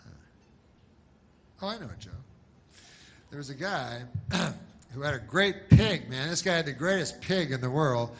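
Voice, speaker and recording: A man doing a stand-up set, deadpan and halting, with many false starts. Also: fairly high pitch, a little hiss or hum. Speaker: stand-up comedian.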